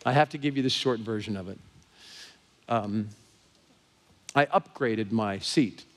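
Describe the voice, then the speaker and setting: A man with an American accent, a pastor telling a personal story from the pulpit in an animated way. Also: fairly low pitch, a little slow. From Southern California. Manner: animated, grows excited and laughing as story builds. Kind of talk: sermon storytelling.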